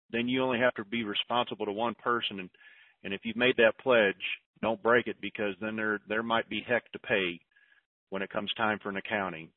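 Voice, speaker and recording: A man's voice: fairly low pitch, dry recording. A man hosting a conference call, giving folksy advice and often restarting his sentences. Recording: tinny phone line.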